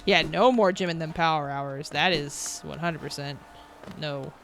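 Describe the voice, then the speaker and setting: A game streamer in her thirties chats casually on a live stream in a deep, slightly slow, somewhat bright voice, with faint music behind her. She reads viewer comments aloud and answers them, tells stories, and laughs often.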